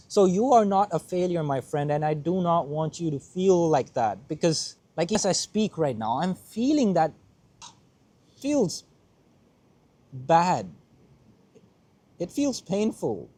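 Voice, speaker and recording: A man's voice: fairly high pitch, sing-song, a little slow, long pauses, mellow. A young man hosting a motivational podcast, speaking earnestly in a heartfelt monologue and repeating his points for emphasis. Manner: earnest, repeats himself for emphasis, close to tears at times.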